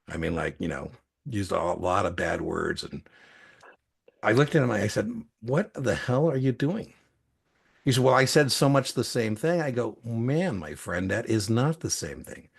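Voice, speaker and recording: A middle-aged man with a low, gravelly voice tells long anecdotes in loose conversation. His speech rambles, with frequent fillers and false starts, and his tone has a husky edge. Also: fairly bright tone. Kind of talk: casual storytelling.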